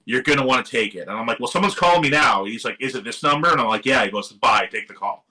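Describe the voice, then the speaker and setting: A middle-aged man from Seattle, telling a long story as a guest in a casual live-streamed interview. His voice is bright and forceful, and he talks animatedly, acting out the people in his story and swearing now and then. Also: medium pitch, fast, rough recording. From Seattle area. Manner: animated, swearing, quotes others in lively voices. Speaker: guest musician. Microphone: live stream microphone.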